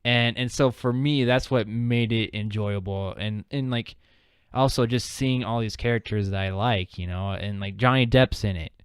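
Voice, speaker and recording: This male podcast co-host has a fairly low, smooth voice with fairly even intonation and a normal speaking speed. He chats casually and rambles, full of fillers and restarts, in a clean studio recording without echo.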